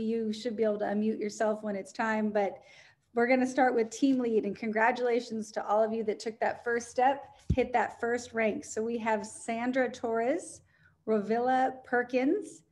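A woman's voice: a little high, a little mellow. A woman on a coaching conference call, cheerfully reading a list of names and sometimes stumbling over them. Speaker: co-host reading recognitions.

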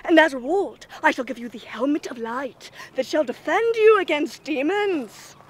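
A woman's voice: high voice, animated, normal speed. A woman playing a quest giver who speaks in stiff, formal, old-fashioned phrasing. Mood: grand.

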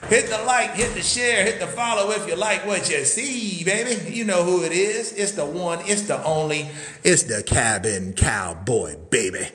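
Whooping high-energy cabin salesman, man. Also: lively intonation, moderate pace, slight background noise. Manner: loud hype-man catchphrases with whoops. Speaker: cabin salesman hosting a live tour. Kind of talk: hyped live sales stream. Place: indoors in a wooden cabin, moving around.

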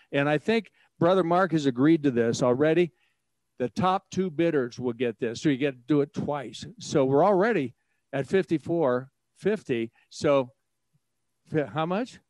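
A man working as auctioneer at a live charity auction, cracking jokes between items and breaking into a rapid bid chant. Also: fairly high pitch, darkish tone, no echo. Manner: jokey, chatty asides, rapid bid chant.

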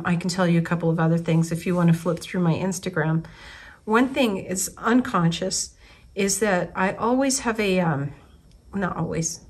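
A woman in her forties, an artist from the United States, talking through her thoughts in a loose, unscripted way. She often stops and restarts her sentences as she works out what she means. Her voice sits a little low for a woman. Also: slightly rough. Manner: rambling, thinking aloud with restarts. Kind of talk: casual spoken reflection.

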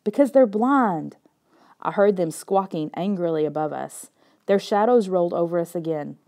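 A woman narrating a children's chapter book aloud in a soft, measured storytelling manner. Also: lowish voice. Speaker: audiobook narrator. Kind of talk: scripted narration.

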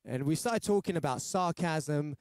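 On a laid-back livestream, a singer-songwriter from London chats and tells rambling, jokey stories, restarting often. He has a slightly high, darkish voice with a London English accent and speaks at normal speed. The recording is dry and studio quality.

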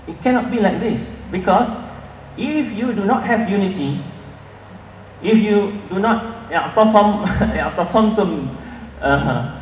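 Male conference speaker, high pitch, dull lo-fi hall recording. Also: a little hiss or hum. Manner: earnest, emphatic, with filler restarts. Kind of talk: academic lecture. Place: large lecture hall. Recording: echoey hall, far from mic, dull.

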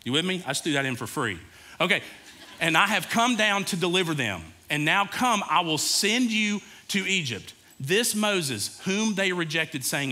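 A man's voice: on the high side, sharp tone. A male pastor preaching a sermon in a casual, conversational way, talking directly to his congregation.

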